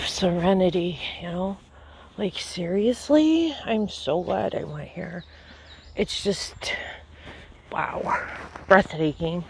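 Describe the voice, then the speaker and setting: A woman's voice: fairly low pitch, vocal fry. A woman vlogging on a nature trail, breathless and chatty, full of fillers and amazement, speaking outdoors into a handheld camera. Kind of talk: casual walking vlog. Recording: noisy outdoor handheld recording.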